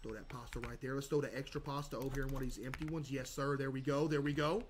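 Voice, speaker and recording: A man's voice: steady tone, quick pace, slight background noise. A man streaming a shop-management game, chatting playfully. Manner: playful, switches to a sugary high shopkeeper voice for customers. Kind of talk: gaming livestream commentary.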